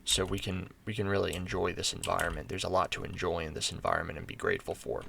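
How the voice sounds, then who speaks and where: Deep-voiced American man rambling over gameplay. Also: steady tone, fast, vocal fry, sharp tone, a little hiss or hum. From United States. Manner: rambling, thinking aloud with many fillers and restarts. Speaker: gaming channel host. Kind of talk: casual gameplay commentary.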